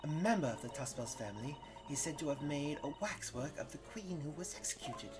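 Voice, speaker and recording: A man voicing a proud middle-aged French woman waxwork sculptor, with a put-on French accent, theatrical and deliberate. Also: on the high side, lively intonation, music in the background, pitched above the performer's own voice, close to an everyday voice. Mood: proud, macabre.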